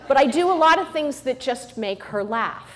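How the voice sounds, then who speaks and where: A woman's voice: sits high, animated, moderate pace. A middle-aged woman giving a humorous motivational talk to a live audience, playful and joking, often checking in with the crowd. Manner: playful and joking, with frequent "right?" asides to the audience. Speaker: motivational speaker.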